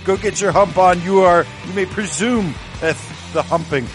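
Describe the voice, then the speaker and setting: High-voiced playful male co-host. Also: normal speed, soft background music. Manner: playful, laughs often, banters. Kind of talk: reading chat comments aloud.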